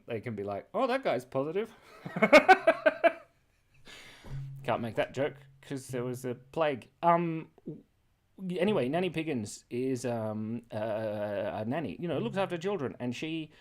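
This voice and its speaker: Aussie guy rambling on a drawing livestream, voice bouncing all over, laughs a lot. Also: mid-range voice. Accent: Australian. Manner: chatty, scattered, laughs often, reacts to chat messages. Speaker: livestream host drawing and reading chat. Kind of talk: rambling casual chat.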